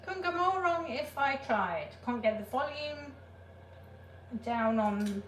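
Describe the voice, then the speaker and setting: A woman's voice: high voice, expressive, slow pace, a little hiss or hum. A woman live-streaming from home, flustered and laughing at her own technical mishaps, speaking to a phone on a shelf above her. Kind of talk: casual live-stream chat. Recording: echoey room, faint ambience.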